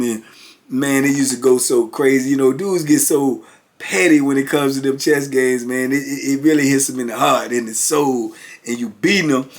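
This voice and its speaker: A man in his fifties, a former prisoner, telling stories in a casual, rambling way full of "you know". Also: medium pitch. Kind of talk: casual storytelling.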